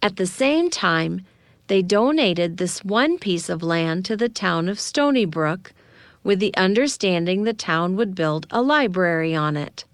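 Excited conspiratorial teen girl read by a woman; smooth, unhurried, dry. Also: fairly low pitch, no echo. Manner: eager, conspiratorial.

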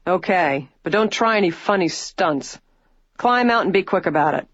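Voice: mid-range voice, expressive, moderate pace, fairly bright tone, dry recording, dull audio. Barking stern male trooper, as a reader puts him on. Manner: barking, curt orders.

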